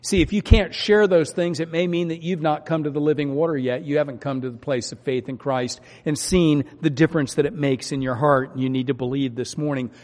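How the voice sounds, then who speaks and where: A man delivering a sermon in a church, his voice sitting slightly high for a man. He presses forward with urgent, rising appeals and then pulls back to quiet, earnest asides. The sound carries a long reverb from a large sanctuary. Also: steady tone, a little fast, few pauses. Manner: preaching with swings from loud urging to quiet. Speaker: pastor.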